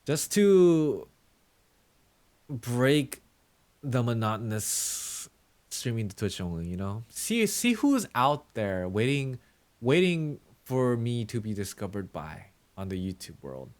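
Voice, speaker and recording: A man's voice: medium pitch, very animated, slow, darkish tone. A male streamer chatting casually with his viewers, playful and teasing in mock-villain banter.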